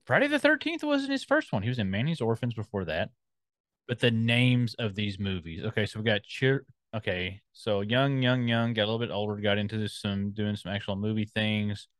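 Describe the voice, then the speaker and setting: A man's voice: fairly low pitch, animated, fairly quick, a bit bright, no echo. A man co-hosting a podcast in casual chat, rambling as he scrolls and reads out film listings. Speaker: podcast co-host.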